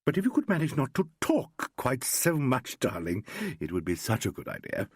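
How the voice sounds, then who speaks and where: A man's voice: medium pitch, huge pitch swings, moderate pace, a little mellow, breathy edge, dry recording, studio quality. A man doing a coaxing stage actress. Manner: coaxing, airy, says darling.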